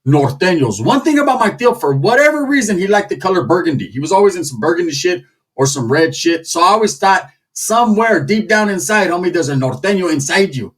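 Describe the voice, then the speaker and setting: Animated, husky-voiced male storyteller. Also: high-pitched, fairly quick, recorded from a distance. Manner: animated, crude, slang-heavy. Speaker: comedic storyteller. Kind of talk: comedic storytelling.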